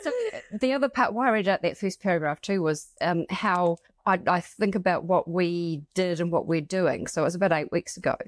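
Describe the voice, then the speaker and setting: Woman, middle-aged, low-ish pitch, reflective, casual podcast talk, dry sound. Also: steady tone, moderate pace, hardly any pauses, no echo. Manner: reflective, thoughtful, reads passages aloud. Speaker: podcast co-host. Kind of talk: casual emotional conversation.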